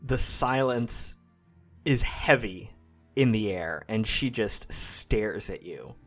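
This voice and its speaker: A man narrating scenes as game master of a tabletop role-playing game, in measured scene-setting narration. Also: lowish voice, expressive, faint music behind.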